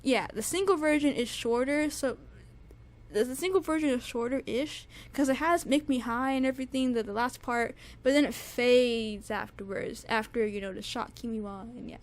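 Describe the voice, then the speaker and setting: Gushing high-voiced woman reviewing music. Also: moderate pace. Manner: gushing fangirl enthusiasm, rambling with many fillers and repeats; shrieks high with excitement at times. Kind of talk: casual solo music review.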